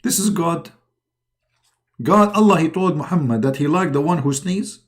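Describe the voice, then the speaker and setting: Sarcastic man with a lively voice. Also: on the high side, moderate pace. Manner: sarcastic, in broken English. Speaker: host. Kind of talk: mocking religious commentary.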